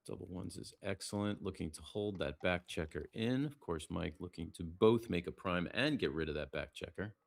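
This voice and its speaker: Low gravelly male game commentator. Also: lively intonation, moderate pace, few pauses. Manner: casual, chatty, reads out viewer comments; lowers his voice to stay quiet near the players. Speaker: play-by-play commentator. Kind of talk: live backgammon commentary.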